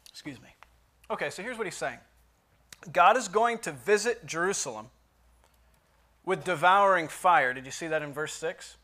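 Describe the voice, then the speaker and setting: Male Bible teacher, slightly higher voice, chatty, asks the class questions, reads verses with force. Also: moderate pace, long pauses, sharp tone. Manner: conversational, asks the listeners questions, reads scripture aloud with emphasis. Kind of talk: Bible study lesson.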